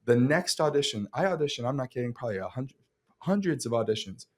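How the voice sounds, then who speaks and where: A young man, an actor, telling his story on a casual podcast in a profane, animated way with many restarts. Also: medium pitch, fast talker. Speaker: actor guest.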